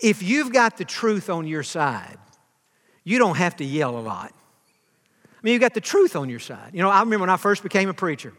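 A man's voice: high voice, very animated, normal speed, fairly bright tone, long reverb tail. A man in his fifties preaching a sermon, earnest and repeating words as he builds his point. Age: 50s.

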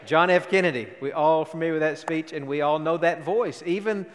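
A man's voice: fairly high pitch, a little fast. A man preaching a sermon and reading scripture aloud to a congregation in a church sanctuary. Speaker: pastor. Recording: long hall reverb.

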